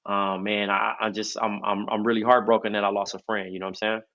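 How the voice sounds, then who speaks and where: Podcast co-host, male, nasal and bright-toned, casual storyteller, dull recording. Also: on the low side, little pitch movement, quick pace. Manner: loose, rambling storytelling with many fillers.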